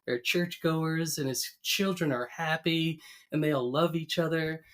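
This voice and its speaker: A podcast co-host chatting casually and laughing often while talking about a cartoon episode. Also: measured pace. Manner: laughs often, lively swings in pitch.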